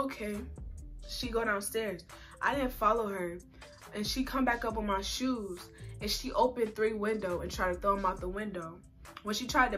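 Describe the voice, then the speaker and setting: A young woman, telling a long story in a rambling, animated way full of slang. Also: mid-range voice. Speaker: storytime vlogger. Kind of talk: casual storytelling.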